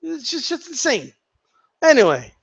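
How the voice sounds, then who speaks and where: A man's voice: very high-pitched, huge pitch swings, unhurried, vocal fry. A man giving an opinionated, profane rant as a boxing commentator, repeating and tripping over his words.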